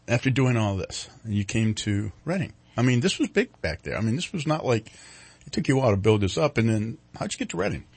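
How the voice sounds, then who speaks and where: Husky man hosting a chatty interview. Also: medium pitch, very animated, fast, a little mellow, no room sound. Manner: chatty, joking, asks leading questions. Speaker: interview host. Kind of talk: casual interview chat.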